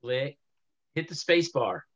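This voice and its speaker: A man's voice: medium pitch, very animated, takes it slowly, a bit bright. A man hosting a club meeting on a video call, easygoing and jokey in a casual chat. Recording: dull lo-fi video call audio.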